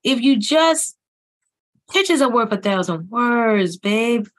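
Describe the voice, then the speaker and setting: A woman hosts a podcast, talking through reality-show clips in casual, profane commentary. She is blunt and opinionated. Her voice climbs higher and louder whenever she starts ranting. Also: animated, slow. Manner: blunt, profane, rising loud and high when ranting.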